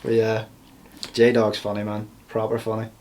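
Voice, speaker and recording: A man talking as a podcast guest in casual chat, laughing often as he tells quick anecdotes. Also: fairly low pitch, completely flat delivery, darkish tone.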